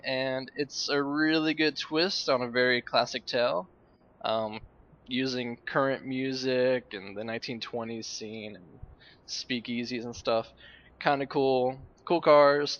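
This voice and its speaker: A man's voice: medium pitch, a bit bright. A young man rambling casually about films while playing a game, offhand and swearing now and then. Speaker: gamer and uploader. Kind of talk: rambling casual commentary over gameplay. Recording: lo-fi home mic.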